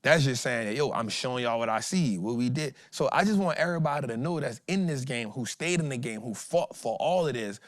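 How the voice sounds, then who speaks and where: A man hosting a stock trading talk, animated and preachy, swinging between loud and soft as he acts out quotes. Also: mid-range voice, brisk, few pauses, no room sound, studio quality. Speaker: host.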